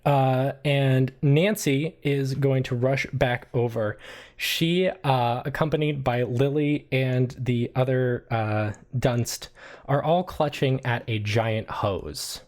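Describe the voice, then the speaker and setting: Relaxed man running a tabletop game, mid-pitched voice, casual, filler-heavy narration. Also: slow. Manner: laid-back, filler-heavy, swearing, laughs often. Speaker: game master.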